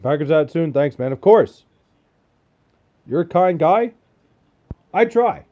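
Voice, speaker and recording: A young man talking on a live stream in a loose, profane, joking way, bantering with his chat. His voice sits a little high for a man, and he sounds tired. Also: lively intonation, slow pace, phone-quality sound. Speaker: livestreamer. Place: at home in Wisconsin.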